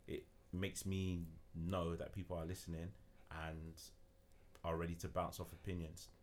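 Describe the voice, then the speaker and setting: A young man co-hosts a casual podcast in a slightly low voice. He talks earnestly but relaxed, with plenty of slang. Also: a little slow, slight background noise. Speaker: podcast co-host and producer.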